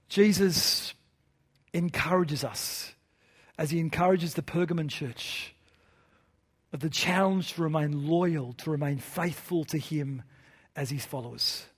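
A man's voice: a little high, steady tone, unhurried, husky. A man preaching to his church in an earnest style, with rhetorical questions and repeated phrases. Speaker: pastor. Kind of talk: sermon.

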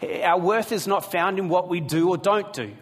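A pastor with a high-sitting voice preaches to a live congregation in a church hall at a normal speed. He tells a personal story with asides to his listeners, and the recording carries long hall reverb.

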